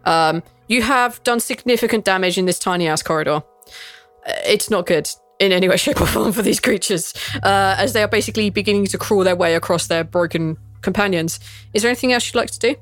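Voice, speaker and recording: A woman's voice: medium pitch, a little fast, dry recording, faint music behind. A woman narrating a tabletop role-playing game as game master, playful and swearing freely, laughing between lines.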